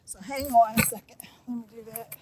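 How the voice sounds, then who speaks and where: With heavy background noise around her, a middle-aged woman climbs a hill outdoors while chatting to livestream viewers, a bit breathless and quick to laugh. A streamer and online business coach, she has a fairly high, steady voice and talks a little fast.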